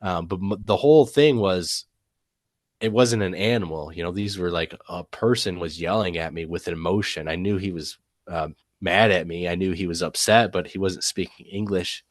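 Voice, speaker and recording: A man's voice: low-pitched, normal speed, no room sound, clean studio sound. A man telling his own encounter story as a guest, rambling, with lots of fillers and trailing "and stuff". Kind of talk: casual storytelling.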